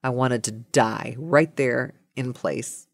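A woman's voice: rumbling low, slow, creaky, no room sound, studio quality. A woman telling a comic everyday story in a casual, exasperated, self-mocking way.

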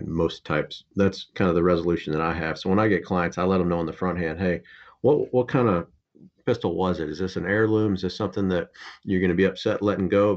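Deep-voiced lawyer guy talking it through, dull muffled recording. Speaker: attorney guest. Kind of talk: conversational interview answers.

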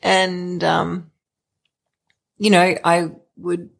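A woman's voice: fairly low pitch, little pitch movement, extremely slow, vocal fry. A middle-aged woman telling her own story in an interview, hesitant, with many fillers and restarts. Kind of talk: candid personal storytelling.

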